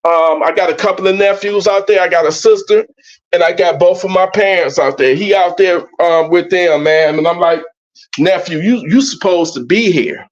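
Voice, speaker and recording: A man's voice: high voice, fairly even intonation, normal speed. A man talking as a podcast guest, telling a story in an emphatic, profane way. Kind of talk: casual podcast conversation. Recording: dull lo-fi audio.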